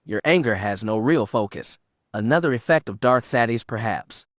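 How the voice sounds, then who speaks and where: A man's voice: medium pitch, expressive, moderate pace, dry recording, lightly acted. A steely young Sith inquisitor woman, firm and scornful, in a storybook reading, acted by a male reader. The voice is dry and close with no room around it. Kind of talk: audiobook character reading.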